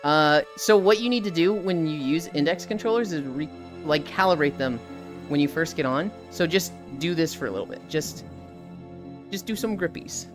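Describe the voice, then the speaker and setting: A woman's voice: deep voice, normal speed, over music. A young woman streaming live, chatting casually and acting out game characters' lines, on a headset mic.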